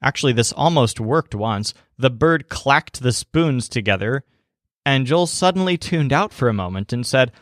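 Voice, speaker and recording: A man teaching a language lesson in scripted narration, slowing down to spell out foreign words and their stresses. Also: medium pitch, lively intonation, a bit bright, no echo, studio quality.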